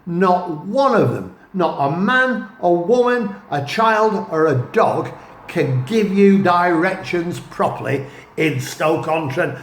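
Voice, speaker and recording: A man's voice: high voice, animated, slow, roomy sound. A man from northwest England who tells stories in a rambling, self-mocking way, with chuckling asides. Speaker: writer and vlogger. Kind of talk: casual storytelling monologue.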